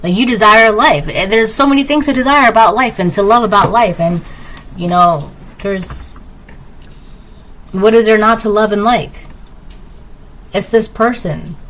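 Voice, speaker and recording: A woman's voice: medium pitch, unhurried, pauses often, a bit bright, poor audio. A woman giving a casual tarot reading, rambling with lots of "like" and "right?", breezy and dismissive. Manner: breezy and dismissive, repeats "blah, blah". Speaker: tarot reader.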